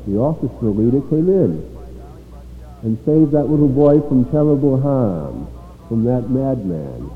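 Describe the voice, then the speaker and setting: Man preaching in an echoing hall. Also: medium pitch. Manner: slow storytelling with dramatic pauses. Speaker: preacher to children. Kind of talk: sermon. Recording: tinny phone-like sound in a long-reverb hall.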